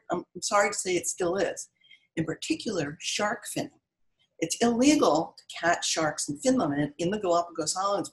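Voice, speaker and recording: Animated middle-aged woman storyteller. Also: medium pitch, poor audio. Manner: expressive, animated reading. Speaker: author reading her book aloud. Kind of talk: read-aloud storytelling and live-stream chat.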